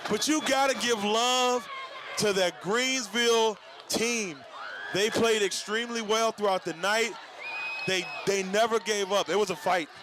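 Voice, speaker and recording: A male play-by-play announcer calling a football game live, shouting with excitement, winded and casual. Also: high-pitched, unhurried. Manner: excited shouting calls, folksy "y'all". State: out of breath. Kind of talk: live sports commentary. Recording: noisy outdoor stadium broadcast. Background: crowd and stadium noise.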